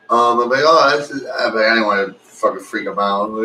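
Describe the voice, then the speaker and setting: A man's voice: medium pitch, expressive, brisk, few pauses, sharp tone. Profane rambling man on a podcast. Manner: profane, rambling storyteller, laughs often. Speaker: podcast co-host. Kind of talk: casual chat. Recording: echoey room, mic at a distance, faint noise.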